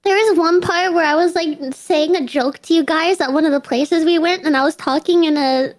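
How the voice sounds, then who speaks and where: A woman's voice: very high-pitched, moderate pace. A young American woman chatting as a guest, giggly and playful. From United States. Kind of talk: casual chat.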